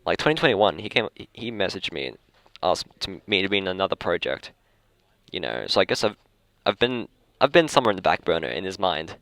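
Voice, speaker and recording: Low-voiced Australian young man rambling. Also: sing-song, brisk, a bit bright, no echo. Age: young adult. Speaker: podcast host. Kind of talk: casual chat. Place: school library.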